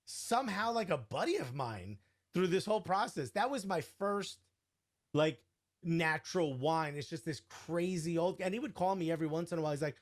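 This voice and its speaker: A man guest telling an animated, casual story, full of "like" and "you know", acting out the quoted dialogue. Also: fairly high pitch, normal speed. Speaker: podcast guest.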